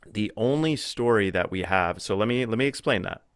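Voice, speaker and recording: A man talking as a podcast guest in a casual conversation, thinking aloud with restarts and growing animated when he retells stories. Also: lowish voice, brisk, smooth, no room sound, studio quality. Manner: thoughtful, with frequent restarts and fillers.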